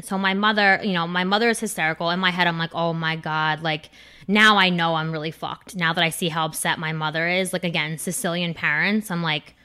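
A woman's voice: fairly low pitch, moderate pace, smooth. A woman from New Jersey, a comedian guest telling a story on a casual podcast and acting out the quoted voices. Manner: animated, acts out quoted voices.

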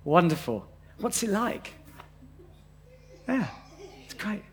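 A man with a fairly high voice preaching a sermon in church. He talks conversationally and throws questions out to the congregation. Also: big pitch swings, takes it slowly, slightly rough.

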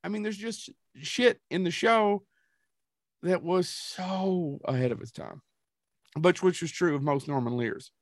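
A man's voice: sits high, unhurried, dry recording, studio quality. A man co-hosting a podcast, chatting casually in a rambling, tangential way with some profanity. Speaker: podcast co-host. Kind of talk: casual chat.

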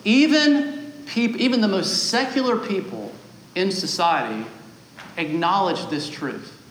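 A man in his thirties preaching a sermon as a guest pastor, telling stories with animated, self-deprecating humor. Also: sits high, measured pace, reverberant, a little hiss or hum, poor audio.

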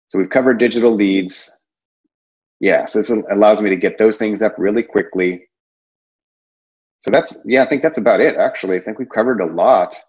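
A man's voice: fairly low pitch, darkish tone, dull audio. A man giving a casual sales training talk, rambling and conversational with many fillers and restarts. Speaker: insurance sales presenter.

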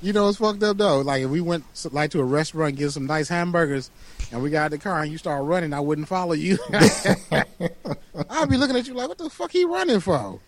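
A man's voice: a little high, fast. A man co-hosting a podcast in casual, profane banter, laughing and teasing. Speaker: podcast co-host.

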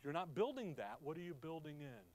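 A man teaching a sermon through a Bible passage, asking the congregation questions and checking that they follow. He swings from emphatic peaks to low, quiet asides. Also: very animated, fairly quick. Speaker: pastor.

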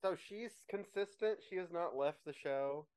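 Smooth-voiced man, halting podcast chat. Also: high voice, darkish tone. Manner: hesitant, lots of ums and restarts, wry. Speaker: podcast co-host. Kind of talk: casual chat. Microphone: remote call.

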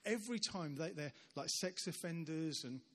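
A man's voice: on the high side, normal speed. Man preaching in a reverberant church hall. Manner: animated storyteller acting out quoted voices. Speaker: visiting preacher. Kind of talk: sermon storytelling.

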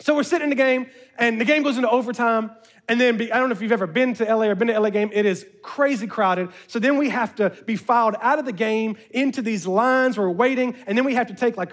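A man telling a personal story in a lively way, often turning to ask his listeners if they follow him. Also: extremely high pitch. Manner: lively, addresses listeners directly.

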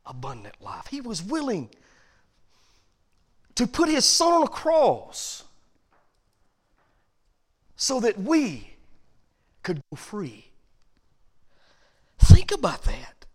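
Man preaching, very high voice, quiet stretches rising to loud emphatic lines. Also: huge pitch swings, slow pace, long pauses, slightly rough. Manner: builds from low quiet passages to loud emphatic points. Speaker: pastor. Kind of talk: sermon.

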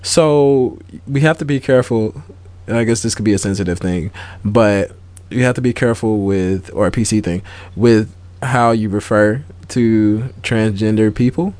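A man's voice: on the low side, normal speed, a little mellow, no echo. A man co-hosting a casual podcast chat, earnestly explaining his point with many restarts. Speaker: podcast co-host.

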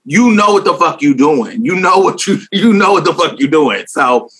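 Blunt, bright-voiced young woman. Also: deep voice, animated, moderate pace. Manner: blunt, profane, emphatic, laughs often. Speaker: interviewee. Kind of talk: candid casual conversation.

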